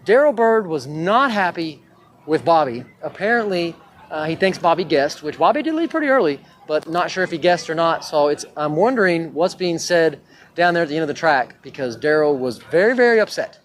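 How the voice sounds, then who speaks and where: A man's voice: on the high side, animated, fairly quick. A man, casually hosting a drag racing livestream, joking and chatty with loose fillers. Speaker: livestream host. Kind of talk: casual live event hosting. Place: outdoor drag strip. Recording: echoey outdoor track with crowd. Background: crowd at a race track.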